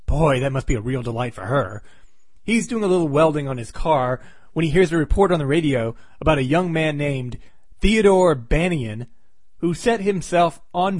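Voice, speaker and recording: A man with a fairly high voice reviews an old comic, recapping the plot dryly and dropping sarcastic jabs along the way. The sound is dead dry and close. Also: no echo. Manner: wry, sarcastic asides.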